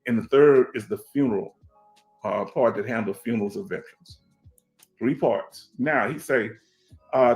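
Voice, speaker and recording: A man's voice: mid-range voice, normal speed, pauses often, soft background music. A middle-aged veteran man with a Houston accent, hosting a casual livestream, reading chat and talking emphatically with lots of repetition. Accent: Houston Black American English. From Houston, Texas. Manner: streetwise, emphatic, repeats himself, asks "you understand?". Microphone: headset.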